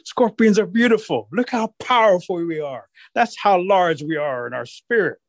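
A man's voice: lively intonation, moderate pace, no echo. A man storyteller voicing a group of proud, boastful scorpions. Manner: boastful, high and forceful.

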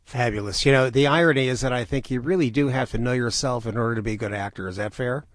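A man's voice: medium pitch, quick pace, no room sound, clean studio sound. A man hosting an interview, asking his guests questions in an encouraging, conversational way. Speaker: radio host.

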